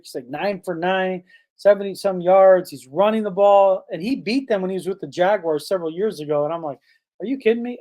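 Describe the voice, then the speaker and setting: A man with a high-pitched, dark-toned voice hosts a sports podcast. He talks casually but emphatically, firing off one rhetorical question after another.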